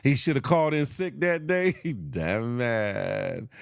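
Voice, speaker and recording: A man hosting a casual morning commentary show, joking and laughing while he riffs on the news and shouts out viewers by name. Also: medium pitch, sing-song, takes it slowly, creaky, smooth, dry recording, studio quality. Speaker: host.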